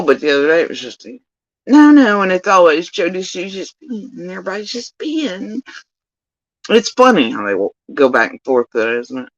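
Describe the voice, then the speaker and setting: A woman giving scornful reaction commentary, her pitch leaping between low grumbles and sharp highs. The audio is dull and lo-fi, with a dry, close sound. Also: dry recording. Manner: scornful and mocking, with sudden high-pitched jabs. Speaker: commentary host.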